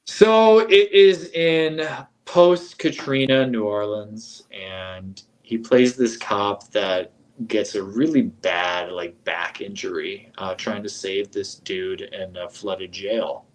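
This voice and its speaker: A man chatting casually as a guest, animated and laughing, swearing as he goes. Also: fairly low pitch, takes it slowly, low-quality recording. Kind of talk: casual chat.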